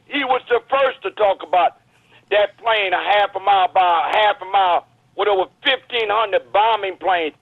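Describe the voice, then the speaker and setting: A man calls in to the show over a thin, tinny phone line. His voice sits high, and he preaches his views in an urgent, emphatic way. The sound is dry and close. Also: dry recording. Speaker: caller. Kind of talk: impassioned call-in commentary.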